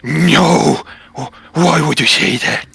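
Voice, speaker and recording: A man playing a troubled orc warrior in a tabletop game, speaking in a gravelly, halting way. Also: medium pitch, crowd noise. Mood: anxious. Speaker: player.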